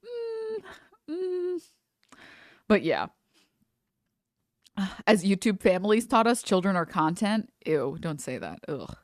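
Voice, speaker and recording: A woman's voice: lowish voice, big pitch swings, measured pace, pauses often, dry recording, studio quality. A woman streamer chatting casually as she reacts to a video, rambling with many fillers and nervous laughs.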